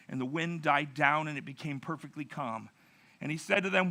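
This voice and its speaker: A middle-aged pastor telling a narrative sermon, acting out quotes with dramatic pauses. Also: male voice, fairly high pitch, bright, forceful tone.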